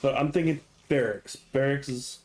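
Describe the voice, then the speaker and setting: A man's voice: mid-range voice, moderate pace, darkish tone. A young man hosting a gaming video, riffing in a rambling, profane, joking way. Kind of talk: casual comedic commentary.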